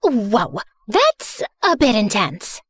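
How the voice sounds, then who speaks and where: A young woman narrates a first-person animated drama in a high voice that swoops all over. Her delivery is sassy, sarcastic and dramatic, recorded dry and close to the mic. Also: slow, slightly rough, no echo. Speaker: narrator and heroine.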